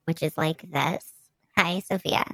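A man using a pitch-shifting voice changer to play a fake woman, speaking in an over-enunciated valley-girl way. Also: unhurried, a bit bright, dry recording. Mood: mock indignant. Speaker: podcast co-host.

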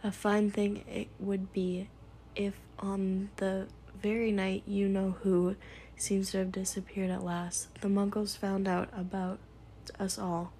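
A woman reading in a soft whisper, voicing a severe older witch who talks impatiently and irritably, in whispered role-play. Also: mid-range voice, flat delivery, slow pace, slight background noise. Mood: stern.

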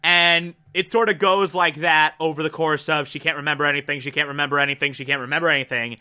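A man's voice: fairly high pitch, fairly even intonation, fast, sharp tone, clear, resonant tone. A man giving casual review commentary on a cartoon episode, gushing and enthusiastic, with frequent "uh" fillers.

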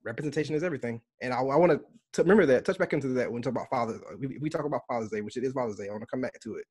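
A man from the United States, a podcast guest, telling stories in casual chat and acting out the quotes with lively energy. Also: mid-range voice, very fast, breathy edge. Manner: animated storytelling with acted-out quotes.

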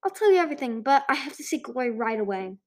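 A woman's voice: high voice, big pitch swings, fast. A woman voicing an anxious, clever young male dragon who speaks earnestly in a storybook reading.

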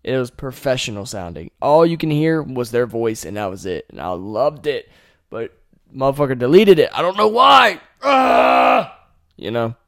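A man's voice: mid-range voice, animated, normal speed, warm tone, no echo, clean studio sound. A young man hosting a podcast, casually and animatedly retelling a game with profanity and laughing asides. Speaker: podcast host.

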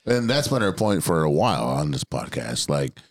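A man co-hosting a podcast, telling stories in a casual, animated, profane way. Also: extremely low pitch, moderate pace, dry recording, clean studio sound. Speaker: podcast co-host. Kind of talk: casual chat.

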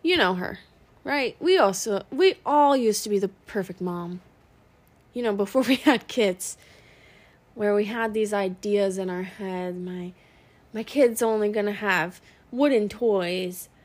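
A woman's voice: mid-range voice, expressive, measured pace. A young woman, a working mother, talking in a blunt, profane, venting monologue. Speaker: working mom podcaster. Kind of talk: casual monologue.

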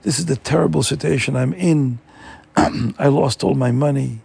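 A man voicing a desperate Jewish father who pleads urgently for help, in a very raspy voice. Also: medium pitch, moderate pace, darkish tone, heavily acted. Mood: distraught.

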